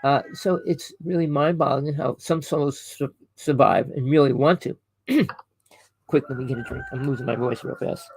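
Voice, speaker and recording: A man's voice: mid-range voice, moderate pace, vocal fry, a little mellow, slightly rough, no room sound, low-quality recording. A man delivering a rambling, preachy monologue to camera. He keeps correcting himself, calls his listeners "people" and fires off rhetorical questions. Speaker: online conspiracy commentator.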